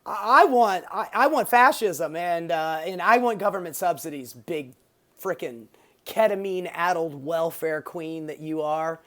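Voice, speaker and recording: Woman, ranting podcast host, sarcastic, profane, lowish voice. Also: lively intonation, unhurried, a bit bright. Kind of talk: ranting political commentary.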